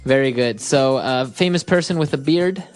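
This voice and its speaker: Very low-voiced woman hosting an English lesson. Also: normal speed, soft background music. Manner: relaxed, explaining, agreeing often. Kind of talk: casual teaching chat.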